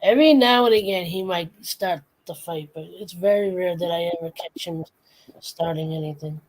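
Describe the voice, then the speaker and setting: A woman co-hosting a casual chat, animated as she tells stories about her pets. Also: on the low side, moderate pace, rough recording. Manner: animated storytelling, acts out her pets' voices. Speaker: podcast co-host.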